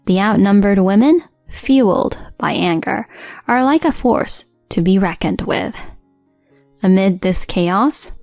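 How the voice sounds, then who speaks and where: A woman narrating her own story in a cool, steady, matter-of-fact manner at a middle pitch. The voice-over is dry and close. Soft music plays underneath. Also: slow pace, dry recording. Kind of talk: first-person story narration.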